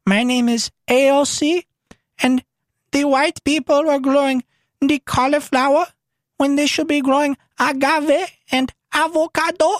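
A man's voice: very high-pitched, fairly even intonation, unhurried, no room sound, voice pushed up. A man putting on a mocking impression of a female politician, using an exaggerated fake accent.

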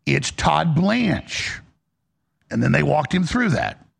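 A man's voice: a little high, sing-song, slow pace, creaky, slightly rough. A man ranting as a political commentator in a heated, exasperated monologue, blunt and profane.

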